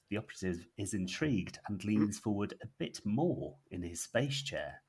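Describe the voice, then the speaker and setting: A man co-hosting a comedy podcast, reading out a comic story he wrote, animated and laughing at his own jokes. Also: on the low side, moderate pace, few pauses, slightly rough. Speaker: podcast co-host. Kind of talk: reading a comic written scheme.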